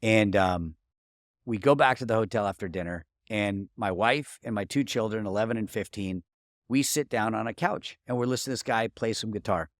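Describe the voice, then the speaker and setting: A man's voice: lowish voice, fairly quick, no room sound, studio quality. Earnest middle-aged man telling a story. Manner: earnest, personal storytelling with many restarts. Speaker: podcast guest, marketing coach. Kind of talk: casual interview talk.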